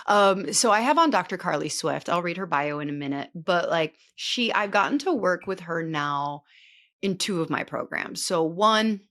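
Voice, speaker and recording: A woman's voice: fairly low pitch, expressive, moderate pace, a bit bright. A woman in her late thirties hosting a podcast, talking in a rambling, chatty way full of filler words. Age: late 30s. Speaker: podcast host. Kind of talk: casual chatty monologue.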